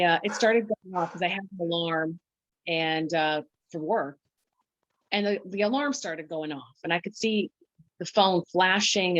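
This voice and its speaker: A woman guest on a podcast, telling her story in a halting way, full of restarts and quoted self-talk. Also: fairly low pitch, no echo. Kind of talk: conversational storytelling. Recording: dull, lo-fi dry sound.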